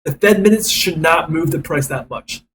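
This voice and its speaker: A man's voice: a little high, moderate pace, a bit bright, a little hiss or hum, low-quality recording. Frustrated swearing man live-streaming trades. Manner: frustrated, swearing, talks to chat.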